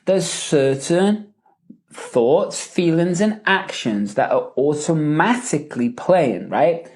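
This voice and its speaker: A man coaching in a live question-and-answer session, emphatic and animated, often checking in with "right?" and "okay?". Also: a little high, slow pace. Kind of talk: live Q&A teaching.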